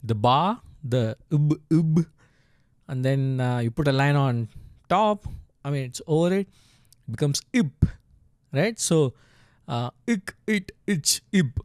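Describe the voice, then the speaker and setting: A man walks through a screen tutorial in a relaxed, unscripted way. He talks slowly, restarts his sentences, leans on ums and uhs, and chuckles from time to time. The sound is close and dry with no room around it. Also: a little high, no echo. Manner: halting, many fillers and restarts, chuckles often. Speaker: language tutor.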